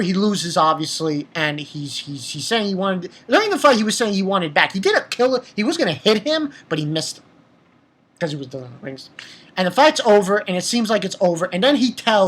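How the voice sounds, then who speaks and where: Very animated and fairly quick, this man speaks in a high, fairly bright voice. He's an anime reviewer rambling through an episode recap with fillers and restarts, erupting into angry, profane rants between plot points.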